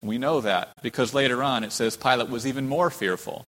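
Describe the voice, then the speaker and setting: A man's voice: mid-range voice, brisk, hardly any pauses, fairly bright tone. Preaching man in a reverberant hall. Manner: dramatic, voices quoted speakers with rising emphasis. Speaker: pastor. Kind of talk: sermon.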